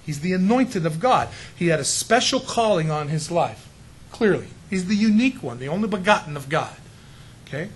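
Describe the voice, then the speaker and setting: A man's voice: high voice, lively intonation, normal speed, breathy edge, rough recording. A middle-aged male pastor preaching a sermon in an emphatic, conversational way, often asking the congregation rhetorical questions.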